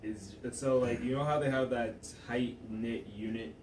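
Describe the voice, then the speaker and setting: A man's voice: mid-range voice, moderate pace. A young man hosting a podcast in playful, casual chat, steering the conversation. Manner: playful, lively, leads the talk. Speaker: podcast host. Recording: echoey room from far off, with noise.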